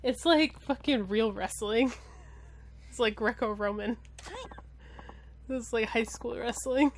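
A woman's voice: a little high, slow, a little hiss or hum. A woman chatting casually with a friend who is playing a game, joking and teasing. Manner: joking and teasing, laughs often. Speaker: co-host watching the game. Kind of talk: casual chat.

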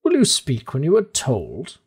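A proud, pompous older professor, as a narrator puts him on, who lectures insistently and flies up into shrill indignation. The voice sounds husky and swings widely in pitch. It suits an old-fashioned adventure storybook. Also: male voice, wildly swooping pitch, measured pace, a little mellow, heavily acted. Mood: impatient.

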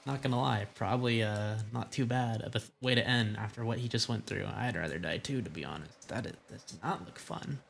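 Gravelly young man cracking crude jokes. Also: on the low side, fairly quick, hardly any pauses, slight background noise. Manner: crude, sarcastic, joking reactions. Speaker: gaming voice-over streamer. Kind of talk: casual let's-play commentary.

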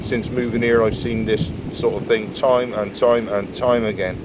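A man's voice: on the low side, fairly even intonation, moderate pace. A man walking his dog along the coast, vlogging casually to his camera, talking to the dog and out of breath as he climbs. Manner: plain-spoken, talks to his dog. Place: outdoors on a windy coast. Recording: wind noise on the mic outdoors.

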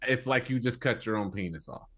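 A man's voice: medium pitch, fairly quick, fairly bright tone. Earnest man co-hosting a film review podcast. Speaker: podcast co-host. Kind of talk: casual film review chat.

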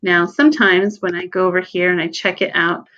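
A woman talks through a software tutorial in a relaxed, unhurried way, pausing on fillers and fixing her own slips as she goes. Her voice sits a little low for a woman. The recording is dull and lo-fi, like a basic screen-capture mic. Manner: relaxed, thinking aloud with ums and self-corrections. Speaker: teacher giving a software tutorial.

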